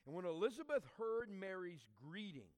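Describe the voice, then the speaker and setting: Guy preaching a sermon in a big echoey church, voice on the high side, gets loud then drops real quiet. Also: normal speed. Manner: expressive preaching, swings from loud emphasis to hushed asides. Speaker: pastor. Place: church sanctuary.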